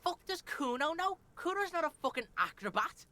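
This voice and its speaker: A foul-mouthed game street kid, put on by a man, with a high, sharp Scouse voice. He talks about himself in the third person and sneers at everyone. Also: big pitch swings, moderate pace, dry recording, heavily acted. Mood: hostile. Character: foul-mouthed street boy, cocky and hostile. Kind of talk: live game voice-over.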